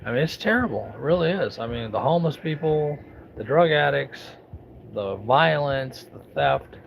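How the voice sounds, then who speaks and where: A man's voice: medium pitch, lively intonation, moderate pace, gravelly, a little hiss or hum, rough recording. An American man in his fifties or sixties, telling stories in a blunt, folksy, sometimes profane way as a vlogger at home. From United States. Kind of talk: casual storytelling monologue.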